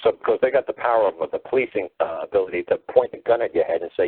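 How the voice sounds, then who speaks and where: A man's voice: on the low side, quick pace, slight background noise. A man calling in to a talk show, blunt and emphatic, repeating his points over a phone line. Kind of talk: call-in talk show rant. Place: on a phone call.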